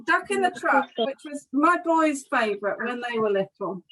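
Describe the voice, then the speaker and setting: Poor audio affects this video-call storytime, where a middle-aged woman reads a picture book aloud to children. Her voice sits high and moves at normal speed, staying animated, expressive and friendly.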